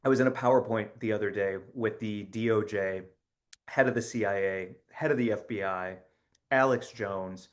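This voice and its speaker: A man playing a chipper, rambling spokesman for a spy agency in a satirical comedy monologue, offhand and deadpan with many fillers. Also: lowish voice, normal speed, lightly acted. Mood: cheerfully deadpan.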